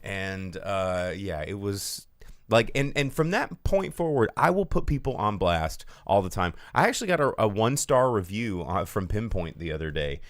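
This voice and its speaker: Animated, lively-voiced man telling stories. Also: normal speed, no echo, clean studio sound. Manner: animated storyteller, mocks people in shrill voices. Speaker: podcast co-host. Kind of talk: casual chat.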